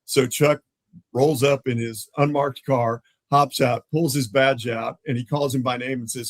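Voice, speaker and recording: An older man, a former police officer telling animated stories in a casual chat. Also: medium pitch, unhurried, no echo, low-quality recording. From Tulsa, Oklahoma. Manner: animated, acts out others' voices in his stories; laughs often mid-story.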